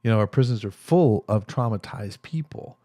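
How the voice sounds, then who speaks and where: Low, mellow-voiced man telling a story. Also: normal speed, no echo. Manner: animated storyteller acting out quoted voices. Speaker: guest, therapist. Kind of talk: storytelling interview talk.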